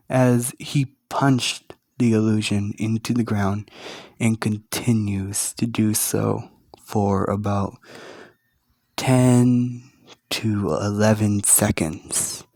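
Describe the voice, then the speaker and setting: A man narrating a fan story in a halting, hesitant way, speaking quietly with a sore throat. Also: lowish voice, no room sound, studio quality.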